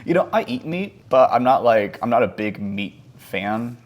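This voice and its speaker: A man's voice: medium pitch, lively intonation, moderate pace, highs cut off. A man around thirty chatting casually over his gameplay, rambling and self-mocking, dropping to mumbles and jumping to yelps. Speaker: gaming vlogger.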